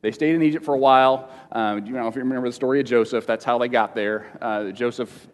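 A man's voice: medium pitch, steady tone. Guy giving a chatty bible lesson, stumbles and repeats himself, long hall echo. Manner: halting, repeats words, self-deprecating jokes. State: emotional at times. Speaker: preacher teaching a Bible lesson. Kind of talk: informal teaching sermon with questions to the room. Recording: long reverb of a large hall.

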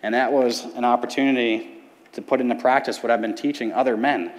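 A man's voice: mid-range voice, steady tone. A man in his thirties, a youth pastor, telling his personal testimony from a church stage with earnest, paced storytelling. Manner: earnest storytelling with dramatic pauses. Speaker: middle school ministry pastor. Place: church sanctuary. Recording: long church hall reverb.

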